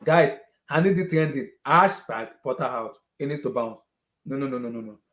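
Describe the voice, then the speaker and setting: A man's voice: mid-range voice, moderate pace, a bit bright, echoey room. A man ranting as a furious football fan, exasperated and repeating himself over and over. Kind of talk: heated fan rant on a video hangout.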